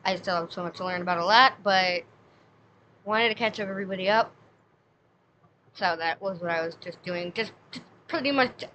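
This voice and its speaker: A woman's voice: medium pitch, pushed and bright. A woman streamer chatting casually and rambling with fillers, her breath short from asthma. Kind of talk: casual live-stream chat. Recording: slightly dull lo-fi mic, faint noise.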